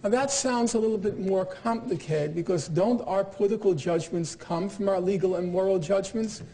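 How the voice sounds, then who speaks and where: A man's voice: high-pitched, moderate pace, mellow. A middle-aged man giving a university lecture in an emphatic, argumentative way, with pointed irony. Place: lecture hall.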